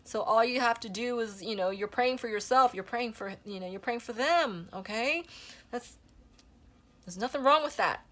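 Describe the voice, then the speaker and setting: A woman's voice: on the high side, normal speed, a bit bright. Gushing woman doing a tarot reading. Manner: gushing, breathy exclamations, repeats "okay?" and "you know". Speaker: tarot reader. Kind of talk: spiritual tarot reading to camera.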